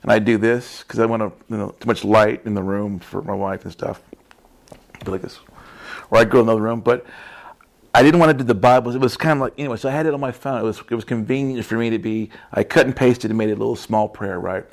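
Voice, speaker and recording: A man's voice: on the low side, fairly even intonation, fast talker, creaky. A man preaching in a casual storytelling way, chatty and laughing often, with frequent tag questions.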